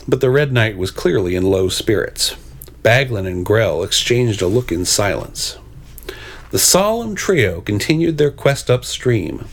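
A man reads a storybook aloud in a gravelly voice, stopping to describe its pictures. His pitch is lively and expressive, with hesitant asides between the lines of story. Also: a little slow.

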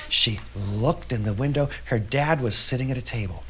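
A storyteller giving an animated live performance of a children's tale, oinking as the pigs and swinging between loud and soft. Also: medium pitch, moderate pace, few pauses. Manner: animated, shifts loudness for effect, oinks as pigs. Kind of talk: lively storytelling performance for an audience. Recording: live recording with audience noise.

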